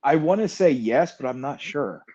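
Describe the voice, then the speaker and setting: A man's voice: mid-range voice, animated, normal speed, mellow, highs cut off. A man co-hosting a podcast in casual chat, wry and profane, often trailing off into mutters. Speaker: podcast co-host.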